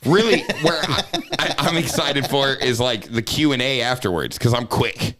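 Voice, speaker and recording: A man's voice: medium pitch, normal speed. A male comedian guest in casual podcast chat, telling stories with lots of laughter and swearing. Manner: animated storyteller, laughs often; swears freely.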